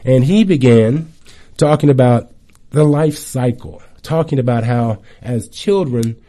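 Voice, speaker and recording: A middle-aged man giving a casual wellness talk, chatty and animated, telling stories with lively asides. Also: mid-range voice, a little slow.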